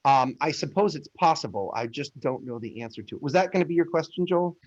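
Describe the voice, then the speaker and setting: A man with a slightly high voice teaches an online astronomy class, talking fast and animatedly. He's informal and jokey, explaining things step by step, and the recording is dull, lo-fi audio.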